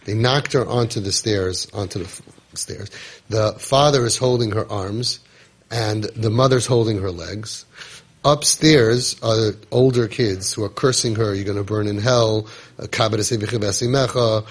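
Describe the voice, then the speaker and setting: Husky emphatic man telling a story. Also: lowish voice. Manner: emphatic, repetitive, dramatic retelling. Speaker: parenting coach. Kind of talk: podcast storytelling talk.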